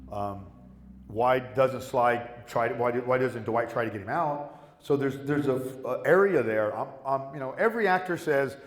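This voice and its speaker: A middle-aged man speaking at medium pitch and a normal pace guests on a convention panel, spinning rambling, profane, animated stories punctuated with whoops. The sound bounces around an echoey hall with a long reverb.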